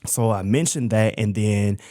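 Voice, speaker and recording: A young man hosts his own show and tells personal stories in a loose, chatty way, often calling his listeners "y'all". His voice sits low and the recording is dry and close. He talks like he's sitting across from a friend. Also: measured pace, mellow, dry recording. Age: young adult. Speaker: host. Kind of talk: casual personal storytelling.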